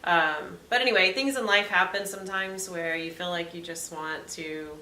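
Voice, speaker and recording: A woman's voice: fairly low pitch, moderate pace, pushed and bright. A woman co-hosting a casual faith-based chat, reflective and upbeat while recovering from a rib injury. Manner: reflective, upbeat, often laughing. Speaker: podcast co-host. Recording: echoey room, faint hiss.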